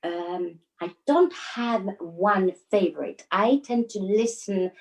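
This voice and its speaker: A woman from Finland with a Finnish accent, chatting as a guest in an interview and telling stories with frequent laughs and pauses. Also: mid-range voice, expressive, rough recording. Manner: storytelling with frequent laughs and hesitations. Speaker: guest, dancer. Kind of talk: casual interview chat.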